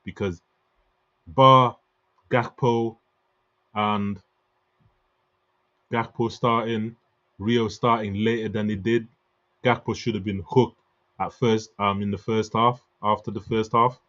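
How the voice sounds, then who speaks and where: A man's voice: lowish voice, fairly even intonation, slow, long pauses, fairly bright tone, highs cut off. Man ranting after a football loss. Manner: venting, slangy, restless, repeats himself. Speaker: football fan channel host. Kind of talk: emotional post-match rant.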